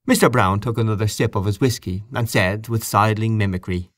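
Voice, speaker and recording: A man narrating a literary audiobook in a measured, expressive way. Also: lowish voice, no room sound, clean studio sound. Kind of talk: audiobook reading of literary fiction.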